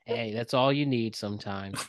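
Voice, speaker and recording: A man's voice: medium pitch, normal speed. An American man co-hosting a podcast, chatting casually in an enthusiastic, emphatic way. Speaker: podcast co-host. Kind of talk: casual chat.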